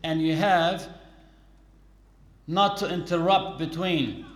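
A man's voice: a little high, slow, roomy sound. A man giving a patient religious lesson on reciting prayers, explaining carefully and quoting Arabic phrases. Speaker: religious teacher.

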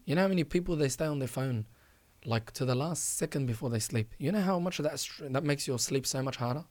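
A man speaking at a middle pitch gives earnest religious advice as a podcast host. He presses his points by repeating phrases and urging the listener directly. The recording is dry and close, with no room sound. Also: animated, a little fast, darkish tone, no room sound.

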